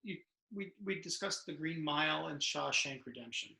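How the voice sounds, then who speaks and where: Gravelly, bright-voiced man telling stories. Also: on the high side, normal speed. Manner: storytelling, acts out dialogue, many restarts. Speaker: author and retired correctional officer. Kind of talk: conversational interview answers. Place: home room over video call. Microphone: video call. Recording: echoey video call room.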